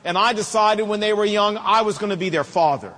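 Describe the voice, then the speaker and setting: A man's voice: high voice, brisk, bright, forceful tone, in a large hall. A middle-aged man preaching a sermon to fathers, with an emphatic, repetitive cadence.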